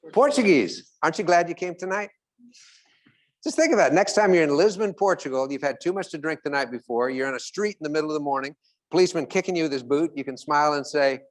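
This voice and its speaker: A man speaking live to an audience as a motivational speaker, animated and chuckling as he acts out everyday characters. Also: on the high side, brisk. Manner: animated, acts out little characters, laughs often.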